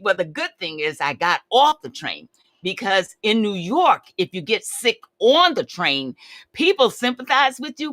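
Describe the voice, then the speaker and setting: A woman in her seventies hosts a casual livestream chat, her mid-range voice recorded with no room sound. Chatty and candid, she tells a story and brings other people's words to life with animated quoting.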